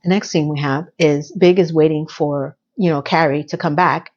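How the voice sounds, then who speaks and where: A woman's voice: low-pitched, fairly even intonation, moderate pace, a little mellow, muffled recording. Chatty opinionated woman recapping an episode.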